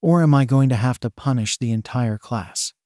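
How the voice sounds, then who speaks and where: A stern, weary male teacher, as a man reading a story puts him on, giving clipped orders with no patience to spare. The voice sits at an ordinary middle pitch. The sound is dry and close. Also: moderate pace, darkish tone, no room sound, lightly acted. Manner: curt, no-nonsense orders.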